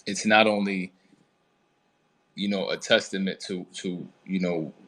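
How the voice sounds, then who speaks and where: A man, a trauma recovery coach hosting a live talk, answers in a measured, halting way with many fillers. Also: sits low, fairly even intonation, fairly bright tone. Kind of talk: reflective casual talk.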